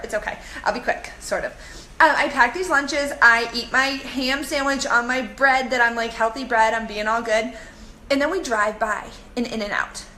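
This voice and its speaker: Bubbly high-voiced woman on a live video. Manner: bubbly, animated storytelling, reads comments aloud. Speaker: coach hosting a live video. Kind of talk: live-stream chat to viewers. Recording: echoey room with faint background noise.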